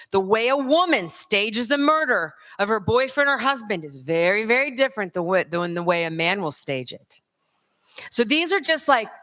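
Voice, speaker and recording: A woman from North Carolina with a Southern accent, giving a lively conference lecture straight to the audience. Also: fairly high pitch. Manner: lively, addresses the crowd directly. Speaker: conference speaker. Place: large conference hall. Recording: long hall reverb.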